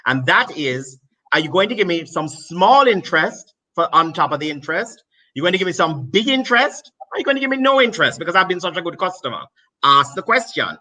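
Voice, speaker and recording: A man's voice: high-pitched, sing-song, a little fast, sharp tone, low-quality recording. A man with a Jamaican accent giving emphatic, repetitive advice on business loans as a finance guest. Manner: emphatic, repeats key points.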